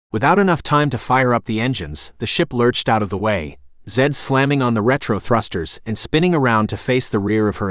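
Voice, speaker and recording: A man reading a science-fiction story aloud as narrator, with a steady storytelling delivery. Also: mid-range voice, no echo, clean studio sound. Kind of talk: scripted audiobook narration.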